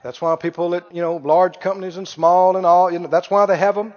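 High-voiced man preaching in an echoing hall. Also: little pitch movement, brisk, a little mellow. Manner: folksy, joking, mimics critics with mock wails. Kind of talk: sermon. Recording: reverberant hall, dull lo-fi sound.

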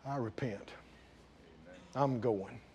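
A man voicing a remorseful young son who regrets his defiance, murmuring low to himself. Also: slow, darkish tone, a little hiss or hum, natural voice. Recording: long echo of a large hall.

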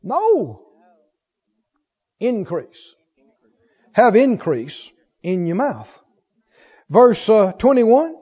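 Male preacher, emphatic sermon, very high voice, lively swings in pitch. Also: drawn-out words, pauses often, breathy edge, in a large hall, dull audio. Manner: emphatic, swings between loud declarations and quiet reasoning.

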